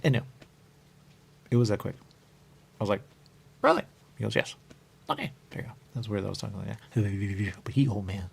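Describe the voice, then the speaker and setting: Low gravelly man rambling in a monologue. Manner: rambling, repeats catchphrases, jumps in pitch, chuckles. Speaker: radio show host.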